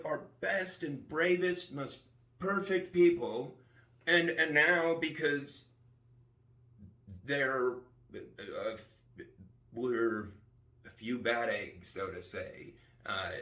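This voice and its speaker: A man's voice: mid-range voice, pushed and bright, echoey room, distant mic. A man vlogging in a rambling, casual monologue, often trailing off with "anyway". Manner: rambling, restarts sentences, frequent "anyway".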